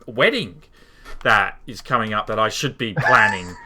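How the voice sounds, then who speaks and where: A man's voice: on the low side, sing-song, normal speed, background noise. A man from the UK hosting a game stream, casually teasing his friends over voice chat. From United Kingdom. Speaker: streamer host.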